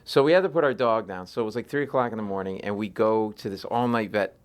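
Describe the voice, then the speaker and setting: A man, a comedian, telling animated stories in an interview and acting out voices in his anecdotes. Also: on the low side, fast. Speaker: comedian guest. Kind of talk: storytelling interview chat.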